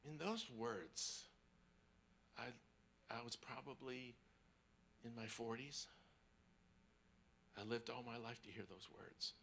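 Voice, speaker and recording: In a mid-range voice with vocal fry, a visiting preacher slowly recounts a personal story, leaving long pauses. He goes quiet, nearly whispering, before rising into emphatic preaching and repeating words often. A little hiss or hum sits under the recording.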